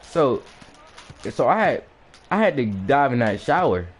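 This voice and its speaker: A man telling a personal story in a casual, animated way, often restarting his sentences and acting out the blows with sound words. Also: medium pitch, a little slow, husky.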